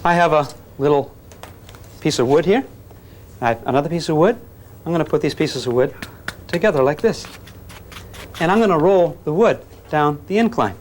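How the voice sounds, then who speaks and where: A man's voice: a little high, lively intonation, moderate pace, long pauses, a little hiss or hum. A man teaching physics to a class, joking and coaxing the students while he demonstrates. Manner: jokey, coaxing, calls students gang.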